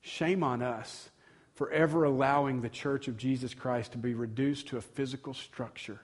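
A man's voice: mid-range voice, steady tone, normal speed. A male pastor, preaching an earnest sermon that builds to emphatic passages.

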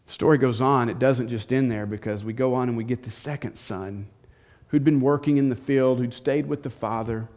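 A male pastor preaching a sermon, telling a story with animated, dramatic delivery. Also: medium pitch, normal speed. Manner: animated storytelling, acting out the scenes.

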